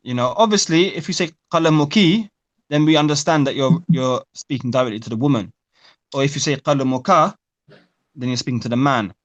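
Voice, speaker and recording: A man's voice: mid-range voice, a little fast, highs cut off. A man teaching a live online Arabic class, correcting students' pronunciation and explaining grammar.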